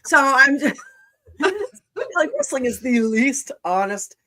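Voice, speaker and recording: A woman's voice: sits high, big pitch swings, slow, sharp tone. A woman hosting a podcast in casual chat, talking bluntly and swearing freely. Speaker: podcast host. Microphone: video call.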